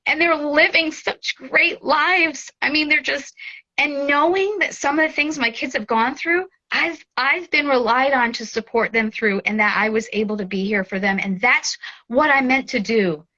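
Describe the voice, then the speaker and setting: A woman in her forties speaking as an interview guest, heartfelt and tearful, often halting and restarting. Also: sits high, sharp tone, muffled recording. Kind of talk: emotional interview.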